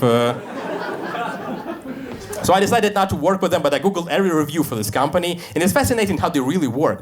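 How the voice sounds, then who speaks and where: A Russian stand-up comedian with a slightly high male voice performs a deadpan, self-deprecating set on a comedy club stage, acting out the voices he quotes. It's a live club recording, with the audience's laughter audible in the background.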